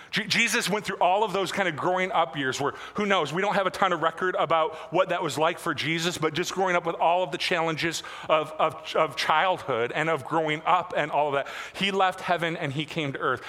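A bright, forceful male pastor preaching in a large sanctuary with a long echo. He talks to the congregation in a loose, conversational way, full of asides and jokes at his own expense. His voice sits a little above average in pitch. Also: fairly quick. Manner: conversational, self-deprecating preaching with asides and laughs. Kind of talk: sermon. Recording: long hall reverb.

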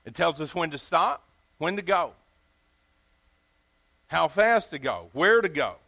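A Southern US preacher man with a notably high, ringing voice delivers a sermon. He talks in a folksy, emphatic way and keeps putting questions to his listeners. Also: big pitch swings, measured pace, creaky, sharp tone.

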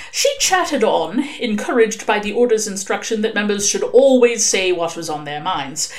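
Woman, novel reader, wry, expressive, lively pitch movement, mid pitch. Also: moderate pace. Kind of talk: reading a novel aloud.

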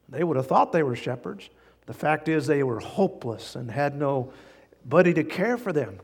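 Animated preaching pastor, echoing hall. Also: male voice, moderate pace, husky. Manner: animated preaching with sudden rises in pitch and volume. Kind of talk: sermon.

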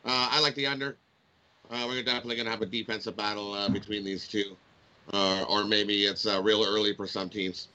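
Over a video call from his home, a man co-hosts a laid-back betting show and offers his picks, stumbling over many "uh"s. He speaks briskly in a lowish voice, and the audio comes across dull.

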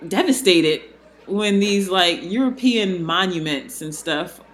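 A woman's voice: on the low side, animated, slow. A woman co-hosting a casual podcast chat, talking loosely with many fillers and frequent laughs. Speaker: podcast co-host.

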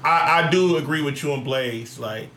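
A man's voice: medium pitch, normal speed, pushed and bright, slight background noise. Laid-back man in an echoey room. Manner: laid-back, says "you feel what I'm saying". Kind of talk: casual discussion.

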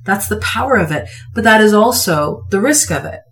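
A woman's voice: medium pitch, animated, moderate pace, far from the mic. A woman hosting a podcast, giving an earnest, emphatic motivational talk and repeating phrases for weight. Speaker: podcast host.

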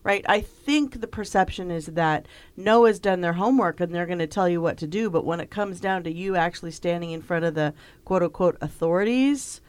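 A woman's voice: on the low side, a little fast, smooth, no echo. A woman, a guest on a podcast interview, explaining her point with plain everyday examples. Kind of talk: casual interview talk.

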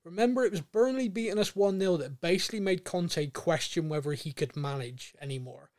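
A man co-hosting a football podcast in casual chat, animated and laughing often. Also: high-pitched, fairly quick, no room sound, clean studio sound. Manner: animated, laughing, mimics a manager's rants. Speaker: podcast co-host.

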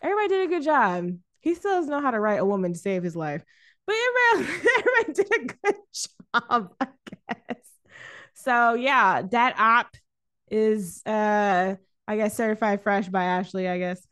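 Woman film podcast host, casual and animated, frequent laughter, mid-pitched everyday voice. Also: moderate pace, clean tone. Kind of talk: casual film review chat.

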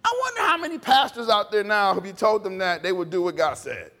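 High, scratchy-voiced man preaching a sermon. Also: very animated, brisk, bright, forceful tone. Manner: call-and-response preaching, prompting the congregation. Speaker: pastor. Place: church hall. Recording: reverberant hall.

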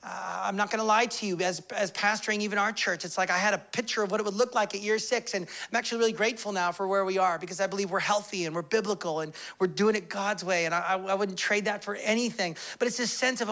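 A man preaching a sermon as pastor, impassioned, swinging between hushed confession and loud declarations. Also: high voice, quick pace, gravelly, few pauses.

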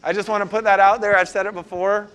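A man preaching a sermon as a pastor, telling a personal story and moving between hushed passages and loud, urgent ones. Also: high-pitched, flat delivery, quick pace.

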